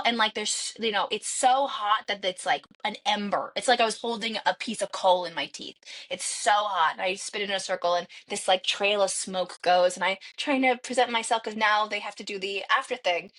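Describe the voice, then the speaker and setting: A woman, a podcast guest, telling a story in an animated way and acting out the quoted dialogue. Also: medium pitch. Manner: acts out quoted dialogue with lively shifts.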